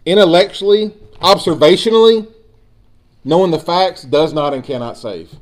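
A man's voice: on the high side, moderate pace. A man preaching a sermon, building emphasis and speaking directly to his congregation. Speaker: pastor.

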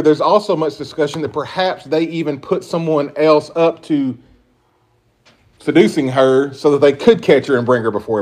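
A man's voice: mid-range voice, a little mellow. A man preaching a sermon, emphatic and full of rhetorical questions, rising and dropping in volume as he stresses points. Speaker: pastor.

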